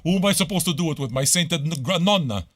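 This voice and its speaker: A man hosting his own live radio show, cursing freely as he rants. His voice sits somewhat high, and he swings between loud outbursts and quiet muttering. The sound is dry and close, with no room echo. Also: animated, quick pace. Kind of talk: casual live radio rant.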